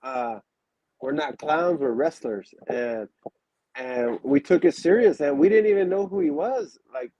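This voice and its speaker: A man's voice: on the high side, expressive, unhurried, mellow, dry recording, lo-fi sound. A man in a casual interview, telling stories with many restarts and fillers and acting out quotes. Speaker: wrestler guest.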